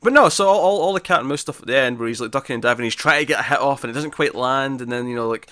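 A man talks quickly and eagerly in a casual film review chat, his voice bright and forceful. The sound is dry and close, with no room echo. He is a podcast co-host. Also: mid-range voice. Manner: animated, quotes lines in a shouted impression.

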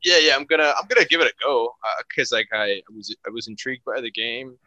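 Bright-voiced man, blunt and joking. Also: medium pitch, quick pace, dry recording, highs cut off. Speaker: podcast panelist. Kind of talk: casual chat.

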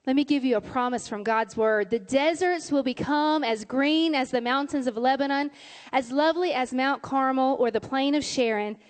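A woman pastor giving a sermon in a church, speaking softly and deliberately in a consoling way. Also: sits high. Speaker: women's pastor. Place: church sanctuary.

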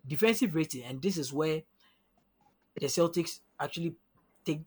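Husky, slightly high man breaking down stats. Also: expressive, moderate pace, darkish tone. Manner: analytical, often asks "you understand?". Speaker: podcast guest analyst. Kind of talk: casual sports chat.

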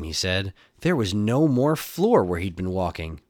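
A man reads an adventure story aloud in an expressive, storybook manner. His voice sits a little low, yet it swings widely as he tells it. The recording is dry and close, with no room sound. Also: a little slow, no room sound. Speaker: narrator.

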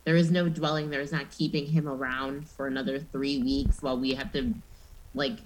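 A woman with a low-pitched voice talks casually as a podcast co-host. She is animated and keeps slipping into quick impressions of the people she describes. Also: a little hiss or hum, poor audio. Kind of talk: casual chat.

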